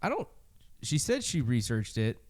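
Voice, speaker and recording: A man's voice: medium pitch, huge pitch swings, moderate pace. A man co-hosting a casual chat podcast, rambling through an anecdote with restarts and frequent laughs. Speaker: podcast co-host.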